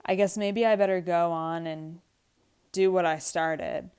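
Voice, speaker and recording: A woman's voice: on the low side, steady tone, unhurried, a little mellow, smooth, lightly acted. Ruth, a weary young wife, read by a woman. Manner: read aloud from a script, lightly acted.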